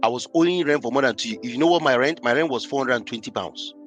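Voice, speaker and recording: Animated storytelling man. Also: mid-range voice, fast talker, soft background music. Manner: animated, emphatic, acts out scenes. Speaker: guest. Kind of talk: personal storytelling in conversation.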